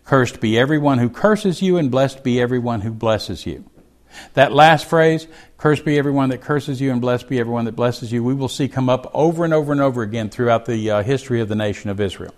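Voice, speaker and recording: A man's voice: medium pitch, brisk. A man teaching a Bible chapter, reading verses aloud and explaining them in a folksy, conversational way. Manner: reads scripture aloud, then explains it in a folksy aside.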